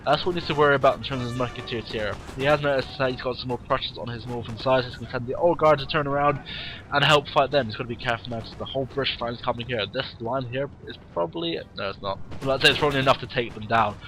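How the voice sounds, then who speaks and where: A man's voice: medium pitch, rapid-fire, pushed and bright. A tired man who yawns now and then, giving casual, rambling, blunt commentary on a game replay and swearing freely. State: tired, yawning.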